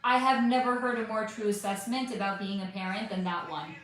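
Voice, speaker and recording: Here the livestream host, a woman in her thirties, talks briskly in a mid-range, somewhat bright voice with fairly even intonation. She chats casually, reads comments, wanders off topic, and lets a swear word slip occasionally. The phone recording from her bright living room has no external mic, an echoey sound, and a light hiss.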